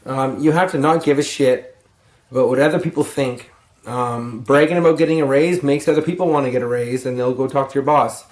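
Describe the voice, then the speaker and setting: A man's voice: medium pitch, brisk, reverberant. A tired young man giving rambling, profane advice on getting a raise, with yawns and sighs. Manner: rambling, profane, yawning and sighing. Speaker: vlogger, lumber yard crew lead. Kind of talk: rambling casual advice vlog. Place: room at home.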